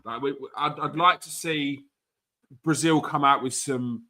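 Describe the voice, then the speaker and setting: A man hosting a casual football podcast, talking in a relaxed, thoughtful way and laughing easily. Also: fairly high pitch, a little slow. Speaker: podcast host.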